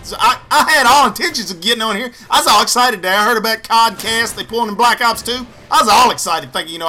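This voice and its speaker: Young male gaming host, angry sarcastic ranter, high-pitched, cutting tone. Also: fast, hardly any pauses, pushed and bright, faint music behind. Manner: profane, ranting, sarcastic. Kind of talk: angry gameplay commentary.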